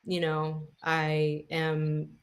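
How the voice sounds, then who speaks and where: A woman's voice: low voice, completely flat delivery, extremely slow. A woman talking as a podcast guest in a casual conversation, reflective and searching for the right words.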